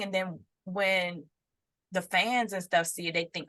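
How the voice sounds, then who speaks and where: A woman's voice: mid-range voice, moderate pace. Casual woman podcast co-host, storytelling. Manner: animated storytelling, acts out quotes. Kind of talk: casual chat.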